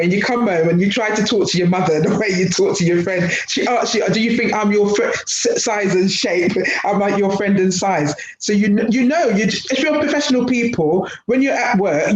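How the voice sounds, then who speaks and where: A middle-aged woman, a guest speaker on a webinar, talking earnestly and telling anecdotes over a video call. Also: mid-range voice. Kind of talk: webinar talk. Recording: roomy, dull video-call audio, faint noise.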